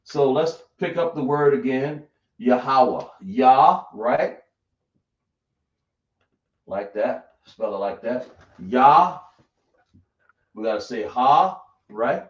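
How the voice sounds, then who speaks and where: A man leads a class at an unhurried pace, breaking words into sounds and asking his students questions. The recording is roomy and muffled. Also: medium pitch. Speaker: teacher. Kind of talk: classroom lesson.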